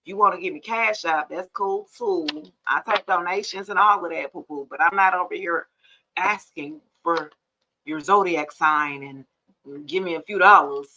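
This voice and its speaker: A woman's voice: lowish voice, normal speed, noisy background. A woman from Georgia, chatting casually and animatedly with viewers as a tarot live-stream host. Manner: chatty and animated, addresses viewers as y'all, laughs often. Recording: somewhat dull lo-fi live-stream audio.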